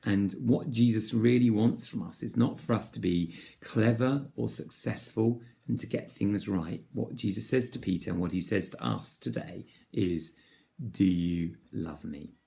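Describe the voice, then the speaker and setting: A man from England giving a gentle all-age church talk, telling the story and asking his listeners questions. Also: fairly low pitch, normal speed, gravelly, hardly any pauses.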